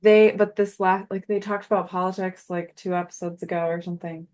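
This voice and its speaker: A woman's voice: fairly low pitch, steady tone, fairly quick, a little mellow. A woman co-hosting a podcast in casual chat, laughing easily and swearing casually. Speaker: podcast co-host.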